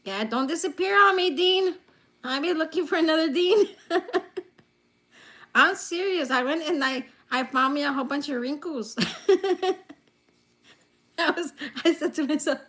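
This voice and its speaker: Woman livestream host with a high voice, playful and teasing with viewers, laughing often, phone on a table. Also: a little slow, pauses often, sharp tone. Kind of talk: casual livestream chat with viewers. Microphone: phone lying on a table.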